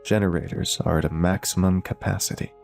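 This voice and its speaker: A man voicing a calm, precise female scientist explaining her work. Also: low voice, brisk, vocal fry, soft background music. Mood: focused.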